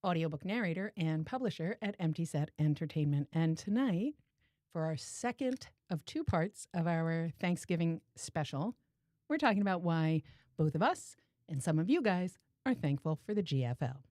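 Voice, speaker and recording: A woman co-hosting a casual podcast, chatty and quick to laugh, who also reads listener emails aloud. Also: low-pitched, animated, dark tone, no room sound, studio quality. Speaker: podcast co-host and audiobook narrator.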